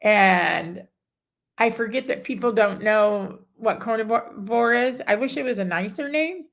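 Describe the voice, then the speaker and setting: Middle-aged woman, gravelly creak, chatty guest who restarts her sentences a lot. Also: mid-range voice, measured pace, fairly bright tone. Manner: rambling, self-interrupting, acts out others' words. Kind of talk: emotional personal story in a casual chat.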